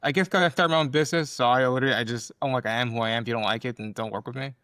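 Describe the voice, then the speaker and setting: A young man in his twenties talks bluntly on a podcast in a rambling, casual way, full of fillers. His voice is mid-pitched and recorded close and dry. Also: very fast, fairly bright tone, smooth, no echo. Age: 20s. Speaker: podcast co-host.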